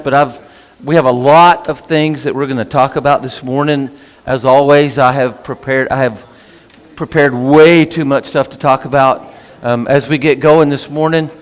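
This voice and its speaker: A man's voice: on the high side, clean tone, in a large hall. A man teaching a casual Bible class in church, chatty, breaking off his own sentences and asking "right?" often. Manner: chatty, self-interrupting, asks "right?" often. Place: church meeting room.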